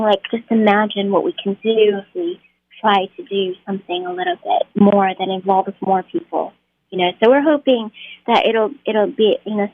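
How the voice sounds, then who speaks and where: A woman's voice: mid-range voice, dry recording. A woman actor, a guest on an interview show, telling stories in a chatty way and laughing easily. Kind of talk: casual interview storytelling. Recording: tinny phone-like line.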